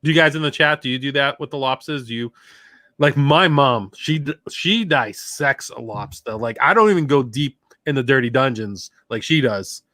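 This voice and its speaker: A man's voice: mid-range voice, animated, normal speed, bright, forceful tone. A man hosting a casual livestream chat on a video call, talking animatedly and laughing often. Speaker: host.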